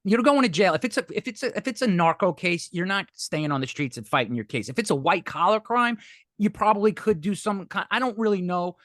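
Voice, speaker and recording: A man's voice: high voice, animated, brisk, a bit bright, dry recording, studio quality. A man telling a candid, rambling story with frequent swearing and restarts, as a podcast guest. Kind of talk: casual storytelling.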